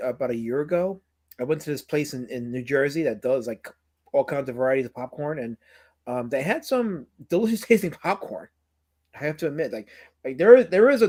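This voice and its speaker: A man from New York hosting a casual chat show, rambling and animated, repeating his words. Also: on the high side. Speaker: podcast host.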